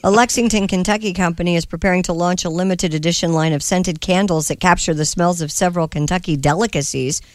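A woman's voice: fairly low pitch, steady tone, fast talker, hardly any pauses, no room sound. A woman hosting a comedy news segment, reading odd news stories with wry asides.

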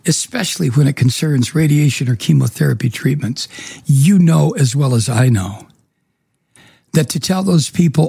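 A hoarse man with a raspy voice, hosting a talk show and delivering an indignant political commentary monologue. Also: fairly high pitch, lively intonation, darkish tone, dry recording, studio quality. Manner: indignant, slow and emphatic. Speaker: radio talk show host.

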